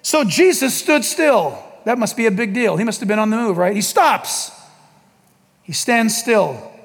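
A pastor preaching with a strikingly high, swooping voice that leaps up for emphasis. He plays out Bible scenes with laughs and shouts. His words ring out with a long hall reverb. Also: animated, unhurried. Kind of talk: sermon.

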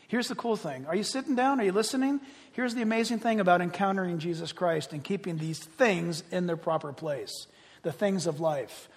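A man preaching a sermon in an animated, joking style, full of rhetorical questions to the congregation. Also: high voice, long reverb tail.

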